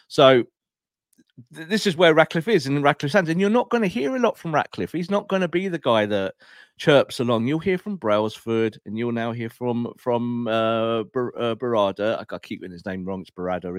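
A man's voice: mid-range voice, no room sound. Emphatic man in a dry room. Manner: animated, emphatic, quick asides. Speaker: podcast co-host. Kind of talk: opinionated football talk.

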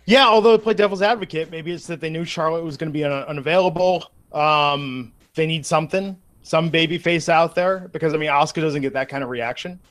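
A man's voice: on the high side, brisk, few pauses, fairly bright tone. A man hosting a casual wrestling chat, conversational and steering the topics. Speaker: wrestling podcast host.

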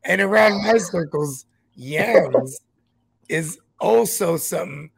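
A man's voice: a little high, lively intonation, slow pace, creaky, over a noisy crowd. A man co-hosting a casual sports and food podcast, joking and teasing with profanity. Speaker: podcast co-host. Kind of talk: casual chat.

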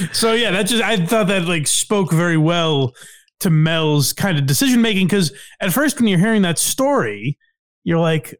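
A man's voice: sits high, expressive, a little slow, no room sound, clean studio sound. A man hosting a podcast, chatting casually, laughing often and swearing freely. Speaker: podcast host. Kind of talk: casual chat.

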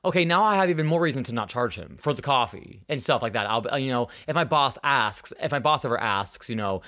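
Animated young man telling a story. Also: mid-range voice, fast. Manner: animated, acts out quoted voices, swears freely. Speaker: podcast host. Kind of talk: casual storytelling chat.

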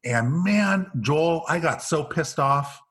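A man's voice: a little high, animated, slow pace, a bit bright, breathy edge. A middle-aged man, an executive coach, telling stories in a podcast interview and acting out the dialogue in them. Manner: storyteller, acts out quoted dialogue.

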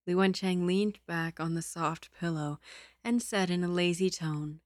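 A woman's voice: lowish voice, fairly even intonation, measured pace, no room sound, clean studio sound. A woman hosting her own stream, reading a novel aloud and chatting between passages in a giggly, self-deprecating way. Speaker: story reader and streamer.

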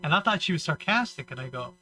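Male co-host, animated storyteller, bright voice. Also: a little high, quick pace, soft background music, rough recording. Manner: rambling storyteller, acts out quotes. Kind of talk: casual banter.

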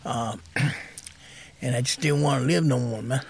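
A soft-spoken man in his fifties, telling his own story candidly as a podcast guest. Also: medium pitch, measured pace, creaky, slight background noise.

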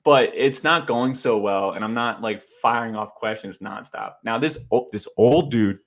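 Young male podcast co-host, lowish voice, rambling, self-mocking storyteller. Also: normal speed. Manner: animated, self-deprecating, heavy filler words. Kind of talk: casual storytelling chat.

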